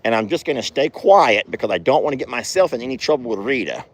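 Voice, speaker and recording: A man voicing a cautious male longhorn bull who talks rapidly and evasively. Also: on the high side, big pitch swings, bright, forceful tone, slightly rough, heavily acted. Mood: wary.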